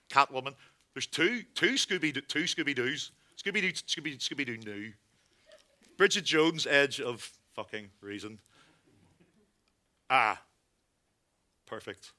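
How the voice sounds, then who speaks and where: A man from Northern Ireland performing a one-man stage monologue, telling a wry comic story that builds into panicked shouts. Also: mid-range voice. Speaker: solo theatre performer. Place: theatre stage.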